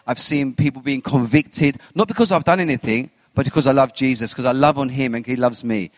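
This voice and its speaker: A man giving a personal faith testimony as an interview guest, telling his story with animated retellings of what he said and thought. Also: medium pitch, a little fast, dry recording, long reverb tail. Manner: animated storyteller who acts out his own quotes.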